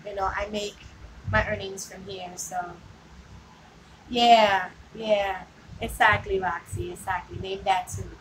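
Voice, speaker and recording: A woman vlogs slowly in a mid-range, fairly even voice, chatting casually with viewers. She rambles, laughs regularly and uses "like" and "you know" again and again. Her phone records from a distance, and background noise is easy to hear.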